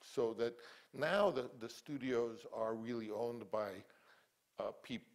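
An older film director answers interview questions and reminisces, his speech halting with frequent restarts and repeated words. His voice is medium in pitch.

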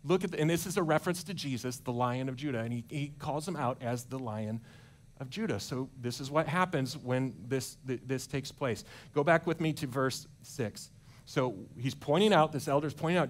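Animated, higher-voiced male pastor preaching. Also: a little fast. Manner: animated, asks congregation questions, colloquial. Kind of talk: sermon. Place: church.

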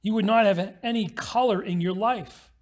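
A man preaching a sermon as pastor, telling a parable with quick, acted-out voices. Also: high voice.

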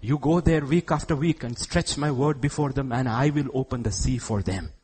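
A middle-aged man from India preaching a sermon in church, acting out God's words and shifting from hushed tones to loud outbursts. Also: mid-range voice, moderate pace, a little hiss or hum. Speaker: pastor.

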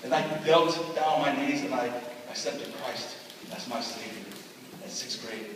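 A young man preaching a sermon, telling a personal story and acting out what people said, going from loud excitement to hushed speech. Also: mid-range voice, moderate pace, background noise. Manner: storytelling with acted-out quotes. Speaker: pastor. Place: large hall at a retreat. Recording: echoey hall from far off.

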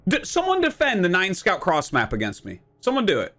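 A man in his thirties streaming a video game, ranting in a profane, exasperated way and sometimes breaking into shouts. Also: sits high, huge pitch swings, a little fast. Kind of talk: casual stream rant.

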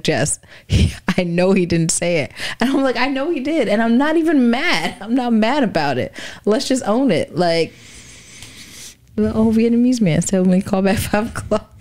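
A young adult woman with a lowish, slightly mellow voice co-hosts a podcast. She's a chatty storyteller, swapping stories in casual conversation and laughing often.

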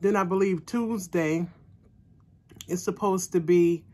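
Slow-talking woman vlogger humming between bites. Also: on the low side, a little mellow. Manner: talks between bites, savoring with hums. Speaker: mukbang vlogger. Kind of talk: casual eating vlog chat.

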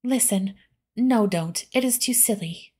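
Woman softly voicing a confiding young lady, whispered role-play. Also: mid-range voice, a little slow. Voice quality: soft, breathy.

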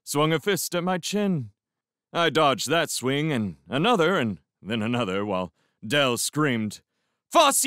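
A man narrating a novel in the first person as a fan audiobook reader, with an expressive delivery and reflective pauses. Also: mid-range voice, no room sound, clean studio sound.

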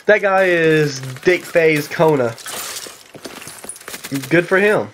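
A man from the Southern US with a Southern accent, giving casual, rambling voice-over commentary on his own gameplay, excitable and jokey with sarcastic asides. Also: fairly high pitch, drawn-out words, a little hiss or hum. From Southern United States. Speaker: gaming commentator.

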